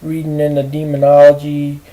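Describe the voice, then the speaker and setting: A man ranting to camera in a rambling, profane way, halting with fillers and restarts. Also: fairly high pitch, monotone, narrow, tinny audio. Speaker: vlogger. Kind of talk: rambling personal rant.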